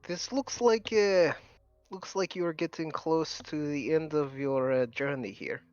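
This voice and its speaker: A suave male devil lord in a fine suit, voiced for a tabletop game by a man. He offers bargains in a smooth, polite, scheming way, pitched a bit above a plain speaking voice. The sound is dull and lo-fi. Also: unhurried, darkish tone, dry recording, natural voice. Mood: sly.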